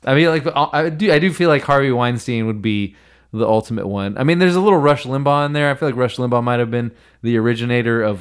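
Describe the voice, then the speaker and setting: A man hosting a casual podcast chat, talking in a loose, riffing way with drawn-out fillers. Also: mid-range voice, clear, resonant tone. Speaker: podcast host.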